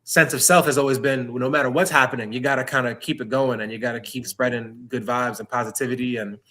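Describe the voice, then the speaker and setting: A middle-aged New York City man, appearing as a guest, talks candidly and reflectively in a conversational interview. His medium-pitched voice is bright, steady and forceful, and he earnestly restarts his phrases in a halting way.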